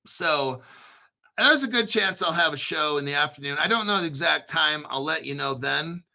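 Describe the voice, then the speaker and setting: A man's voice: on the high side, expressive, normal speed, vocal fry, bright, forceful tone. A man hosting a crypto livestream, talking in a blunt, profane, rambling way and reading viewer chat aloud. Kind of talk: casual livestream commentary.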